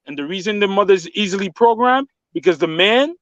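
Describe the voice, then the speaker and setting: A man's voice: sits high, animated, fairly quick, few pauses, dry recording, dull audio. A man calling into a livestream, arguing passionately and repeating himself when pressed. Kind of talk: heated debate on a livestream call.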